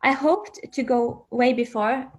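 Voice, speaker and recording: A woman's voice: high voice, a little slow. A woman speaking as an interview guest from home on a video call, dreamy and searching for words, laughing often.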